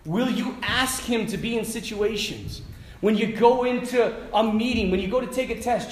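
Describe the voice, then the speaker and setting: A priest giving a talk at a retreat, telling a story in an animated way, often laughing and acting out what people said. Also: male voice, very high-pitched, normal speed, echoey room.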